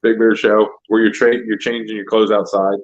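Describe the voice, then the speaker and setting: A man telling stories in casual podcast chat, animated and full of "like". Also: on the low side, moderate pace. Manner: animated storyteller, heavy use of "like". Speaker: podcast guest, comedian and wrestling trainer. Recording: dull lo-fi sound.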